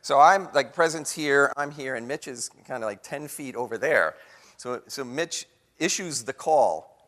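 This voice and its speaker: A man giving a lively storytelling talk to an audience, acting out the voices of people in his story. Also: mid-range voice, moderate pace. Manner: animated storyteller acting out quotes. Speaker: guest speaker. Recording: long hall reverb.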